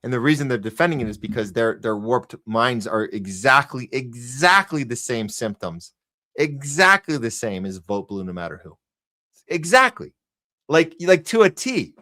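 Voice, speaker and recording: A man's voice: mid-range voice, very animated, moderate pace, pushed and bright. A man hosting a live news commentary podcast, ranting sarcastically and talking to his chat audience. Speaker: podcast host.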